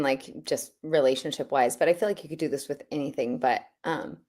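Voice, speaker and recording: A woman with a fairly low voice co-hosts a casual livestream. She tells a personal story in a rambling, heartfelt way, full of fillers and restarts.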